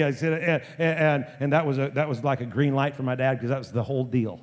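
A man in his fifties, a pastor telling a story in a sermon, often halting and restarting his sentences. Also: medium pitch, fairly even intonation. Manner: halting, full of repeated restarts. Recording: long reverb of a large hall.

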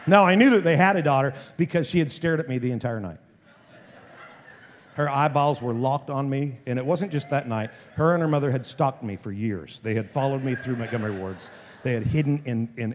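A man in his fifties, a pastor telling a story in a sermon, often halting and restarting his sentences. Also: mid-range voice, a little hiss or hum. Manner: halting, full of repeated restarts. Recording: long reverb of a large hall.

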